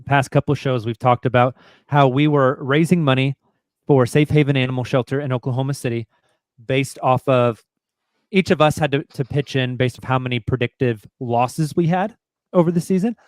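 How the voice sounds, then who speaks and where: A man with a mid-range voice hosts a sports podcast, chatting casually, joking around and reading sponsor spots. There's no echo on the recording.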